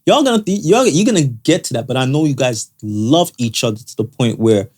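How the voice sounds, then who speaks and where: A man's voice: mid-range voice, expressive, brisk, darkish tone. A man co-hosting a casual podcast chat, earnestly working through his points with frequent restarts. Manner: earnest, repeats words as he builds a point. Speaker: podcast co-host.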